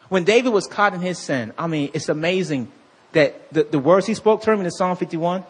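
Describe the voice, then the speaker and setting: Husky high-voiced guy preaching, slows right down to read scripture then gets worked up, keeps asking the congregation to answer back. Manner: animated preaching, swinging from low slow reading to high excited asides; calls out to the congregation for responses. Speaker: pastor. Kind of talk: sermon.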